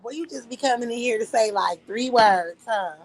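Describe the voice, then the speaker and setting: A woman's voice: a little high, moderate pace, rough recording. A young adult woman on a casual livestream, speaking in a laid-back, slangy way and talking back to her chat. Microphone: phone.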